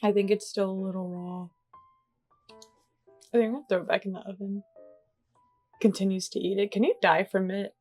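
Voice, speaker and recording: A young woman vlogging her baking, excitable and gasping, swearing and repeating herself, reading recipe steps aloud between outbursts. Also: medium pitch, moderate pace, long pauses, faint music behind. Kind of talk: casual vlog.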